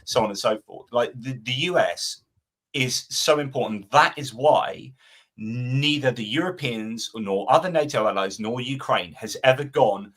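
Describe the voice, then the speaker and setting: A man's voice: medium pitch, unhurried, fairly bright tone. A man analysing politics as a livestream guest, talking casually and thinking aloud, with quoted asides. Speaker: guest commentator.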